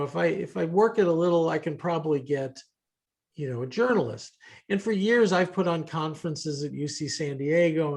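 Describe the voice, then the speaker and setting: A man's voice: a little high, gravelly, darkish tone. Man hosting a rambling roundtable chat. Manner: rambling anecdotes with hesitant restarts. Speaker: host. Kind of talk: casual roundtable conversation.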